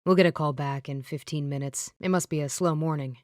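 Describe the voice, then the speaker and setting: A woman voicing a calm, reassuring young man who helps a friend. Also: sits low, a little fast, dry recording, clean studio sound, pitched below the performer's own voice, natural voice.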